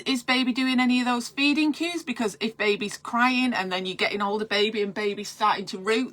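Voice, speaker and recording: A woman's voice: a little high, fairly bright tone. A woman, a midwife, giving breastfeeding advice in a live stream from home, chatty and digressive and breaking off to answer viewer comments.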